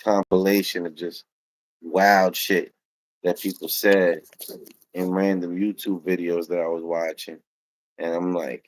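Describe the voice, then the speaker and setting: A man's voice: deep voice, flat delivery, measured pace, dry recording. A man hosting a casual podcast, telling stories in a loose, profane, laughing way. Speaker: podcast host.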